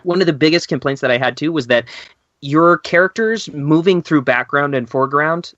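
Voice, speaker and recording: A man's voice: a little high, moderate pace, a bit bright, dry recording, highs cut off. A man co-hosting a casual podcast, emphatic and laughing often, swearing when he gets worked up. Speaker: podcast co-host.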